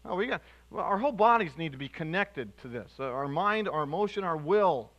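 A male pastor preaching a sermon to his congregation, animated and emphatic, with restarts and sudden loud bursts. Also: fairly high pitch, a little fast, muffled recording. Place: church sanctuary.

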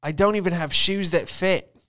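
A man's voice: high voice, moderate pace, a bit bright, voice pushed up. A man voicing a pampered rich woman who complains haughtily about prison. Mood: haughty whining.

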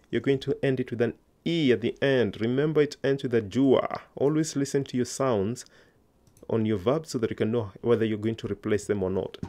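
A man's voice: mid-range voice, mellow. A man teaching an online language lesson, patiently coaxing learners to answer aloud.

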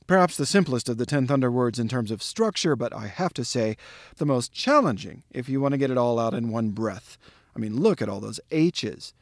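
A man's voice: medium pitch, animated, no echo. Dry-voiced man teaching tricky pronunciation. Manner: measured, explanatory, drills words syllable by syllable. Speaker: literature tutor. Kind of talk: pronunciation tutorial.

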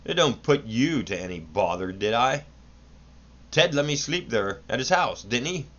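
A man's voice: mid-range voice, animated, a little slow, fairly bright tone. A man voicing a brash, sulky nineteen-year-old boy who whines for liquor, in a dull lo-fi home recording. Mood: insolent. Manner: whiny, insolent, drawled slang.

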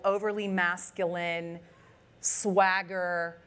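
A woman speaking as a guest in a live stage interview, measured and emphatic. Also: lowish voice, fairly bright tone. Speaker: podcast guest.

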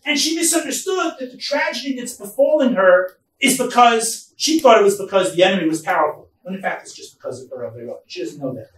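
A man gives a Bible study lecture. He reads each verse slowly, then explains it with emphatic, rising stresses. His voice comes from a distant mic in a roomy, echoing space, with a faint hum of noise behind it. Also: high-pitched, expressive. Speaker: rabbi and professor teaching a text class. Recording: echoey room, mic far off, faint noise.

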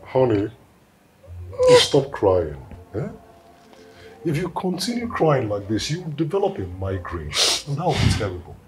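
A man's voice: mid-range voice, huge pitch swings, moderate pace, crowd noise. An actor playing a husband who comforts his grieving wife, speaking in a soothing, pleading and reassuring way. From Nigeria. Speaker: actor in a film. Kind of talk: film drama acting.

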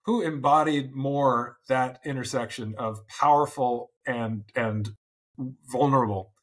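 A man's voice: medium pitch, fairly even intonation, a little slow, fairly bright tone. A man in his forties, a podcast guest, talking thoughtfully and earnestly with frequent restarts. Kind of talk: reflective interview talk.

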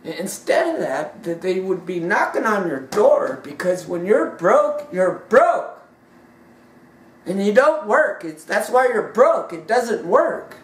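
A woman preaching a sermon emphatically, swinging from loud high peaks down to hushed drops. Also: big pitch swings, slow, slight background noise. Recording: roomy sound from a distant mic.

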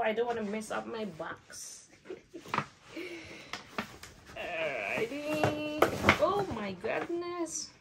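A giddy young woman chats through a home unboxing, slow and unhurried, her voice gravelly with fry. She gushes, giggles and slips into awed whispers. The home video carries clear background noise. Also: a little high, sing-song. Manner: gushing, giggly, drops to whispers in awe. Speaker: vlogger unboxing a gift. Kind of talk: excited casual unboxing chat.

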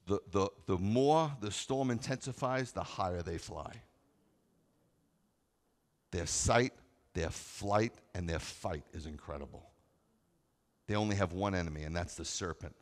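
Dramatic preaching man, deep voice. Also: animated, normal speed. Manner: dramatic, swings from soft asides to loud scripture readings. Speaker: rabbi preaching. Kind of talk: sermon. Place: congregation sanctuary.

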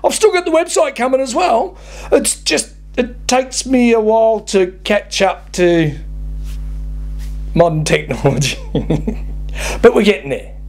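Slow-talking sweary bus driver. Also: male voice, high voice, animated. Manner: blunt, sweary, laughing at his own stories. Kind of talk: comic ranting monologue.

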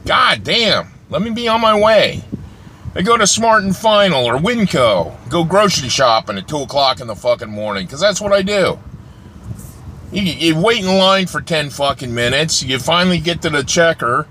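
A man rants with constant swearing and exasperation, his pitch swinging widely. His voice is bright and forceful. Faint vehicle noise hums behind him. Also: very animated, moderate pace. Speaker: vlogger. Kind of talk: profane comedic rant.

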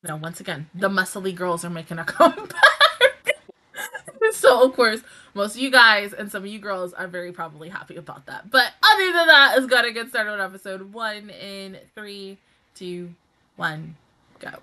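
A woman hosting an anime reaction video, talking casually with lively swearing and frequent laughs. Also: medium pitch, normal speed.

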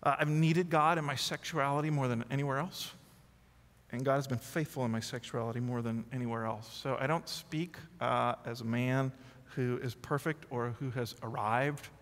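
A man preaching a sermon in a bright, forward voice, with long reverb hanging in the hall. He tells jokes at his own expense, then speaks candidly and with feeling. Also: mid-range voice, fairly even intonation, normal speed. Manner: self-deprecating humor turning earnest and confessional. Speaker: lead pastor.

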